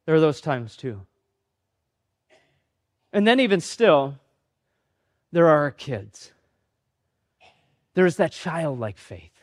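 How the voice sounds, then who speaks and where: A pastor with a notably high voice delivers his sermon like a conversation. He pokes fun at himself and briefly acts out the people in his stories. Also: very animated, takes it slowly, long pauses. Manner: conversational, self-deprecating, acts out quoted voices.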